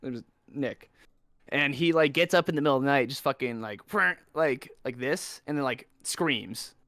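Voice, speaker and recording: Young man, podcast co-host, casual chat, animated storyteller, dry close sound. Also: medium pitch, normal speed, dry recording. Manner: animated storyteller, loud acted outbursts.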